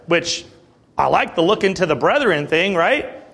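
A preacher in his late thirties delivers an earnest, conversational sermon full of asides and rhetorical questions. His high, husky voice has a bright edge and lively intonation, leaping up and dropping low at a moderate pace.

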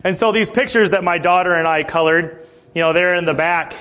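A man's voice: high voice, fairly quick, pushed and bright. A man in his late thirties preaching a sermon in an earnest, conversational way, with asides and rhetorical questions. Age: 30s.

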